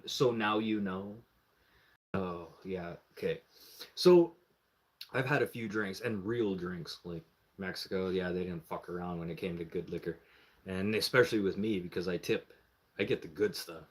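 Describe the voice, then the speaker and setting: A man's voice: deep voice, moderate pace, slightly rough. A man on a live stream telling a long story in a casual way, swearing freely and acting out what other people said. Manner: animated, profane, acts out the voices of others.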